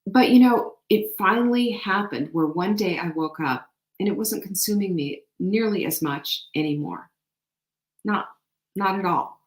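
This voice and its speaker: A woman hosting a show, giving an animated, faith-filled motivational talk to women. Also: mid-range voice, unhurried. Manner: animated, emphatic, faith-inspired encouragement. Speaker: show host. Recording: echoey room.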